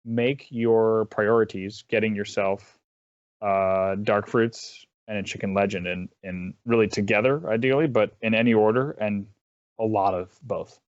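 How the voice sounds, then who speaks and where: A man's voice: on the low side, fairly even intonation, a little slow, no room sound, lo-fi sound. A man chatting casually as an interview guest, rambling with lots of restarts and self-deprecating asides. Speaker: guest caster.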